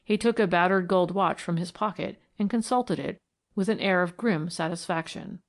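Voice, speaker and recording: A woman with a lowish voice narrates a mystery audiobook from a script. Her storytelling is measured and even.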